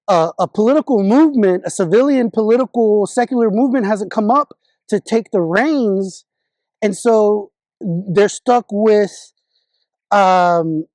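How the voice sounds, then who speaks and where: A man's voice: high-pitched, a little mellow, no echo. A man vlogging his political opinions in a casual monologue, confident but often restarting and correcting himself mid-sentence.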